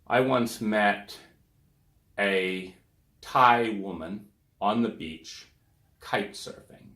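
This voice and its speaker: A man's voice: fairly low pitch, drawn-out words, a bit bright, reverberant. A man giving a rambling lecture, trailing off into fillers and "da, da, da.". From United States. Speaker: speaker on relationships.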